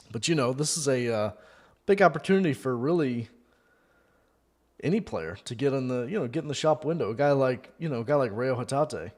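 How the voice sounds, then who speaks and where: A man's voice: medium pitch, expressive, moderate pace, long pauses. Chatty man reacting to a live match. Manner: chatty, rambling, thinks aloud with fillers; bursts into loud disbelieving shouts at goals. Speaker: fan host of a live watchalong.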